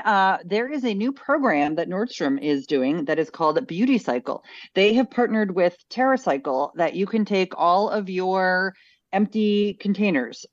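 A woman's voice: mid-range voice, no echo. A woman co-hosting a casual style chat show, explaining news items with lots of ums and uhs. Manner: chatty, many fillers. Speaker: co-host sharing news. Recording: dull lo-fi sound.

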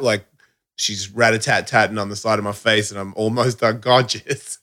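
A man co-hosting a casual podcast chat, swearing freely and telling stories with lots of quoted dialogue, jumping high in pitch whenever he quotes someone. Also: brisk. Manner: profane, animated, jumps high when quoting people.

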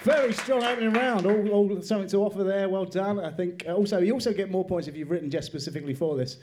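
Male panel host, high voice, brisk and upbeat, noisy room with live crowd. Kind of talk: hosting a comedy panel show.

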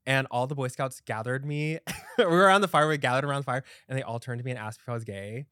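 Young male podcast host, chatty and giggly, close dry mic, mid-pitched. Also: fast talker, bright, forceful tone, clean tone, dry recording. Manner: chatty, laughing, lots of "like". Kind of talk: casual chat.

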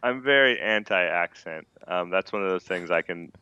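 A man who translates Japanese comics, talking in an animated, opinionated way with many fillers. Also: sits low, moderate pace, smooth, no room sound, dull audio. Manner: animated, opinionated, frequent "you know" fillers. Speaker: manga translator guest. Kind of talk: podcast conversation.

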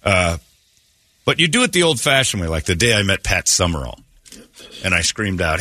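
Brash, lively-voiced male radio host. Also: on the low side, a little fast, no echo, clean studio sound. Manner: loud, mocking, acts out shouted quotes. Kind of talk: casual morning show banter. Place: radio studio.

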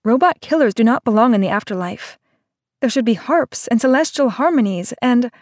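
A woman's voice: on the high side, expressive, normal speed, no room sound, clean studio sound, voice pushed up, natural voice. A woman voicing Seiya, an upset young woman who sputters with indignation. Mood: indignant.

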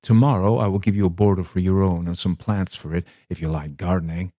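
A man voicing a polite, courteous older man, speaking gently in a low voice. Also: fairly even intonation, brisk, no echo, clean studio sound.

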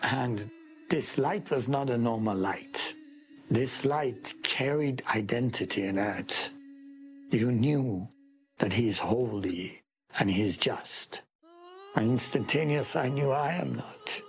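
A middle-aged man from Iran with an Iranian accent, telling his story earnestly in an interview. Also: medium pitch. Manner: slow, earnest, emphatic storytelling. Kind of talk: testimony interview.

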